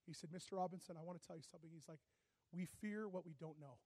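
A man preaching a sermon, telling a personal story and acting out both sides of the dialogue, moving from hushed to loud. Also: a little high, fast talker, no echo.

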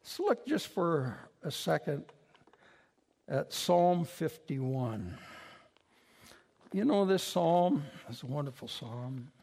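Man, preacher, sermon, self-mocking stories, swooping pitch, echoing hall. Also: slow pace, creaky, long pauses, slightly rough. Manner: animated storyteller, self-mocking humor, bursts of loud emphasis. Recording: long hall reverb.

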